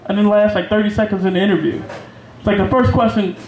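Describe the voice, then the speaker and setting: High-voiced profane stand-up man. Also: steady tone, quick pace, a little mellow, a little hiss or hum. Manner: profane, breezy storytelling with laughing asides. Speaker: stand-up comedian. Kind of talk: stand-up comedy set. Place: small cafe at an open mic. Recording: echoey room with faint crowd ambience.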